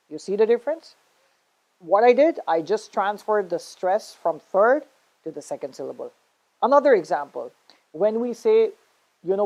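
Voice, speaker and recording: A woman's voice: mid-range voice, expressive, normal speed, warm tone, poor audio. A woman teaching an online English pronunciation lesson. She explains patiently and often checks in with "okay?".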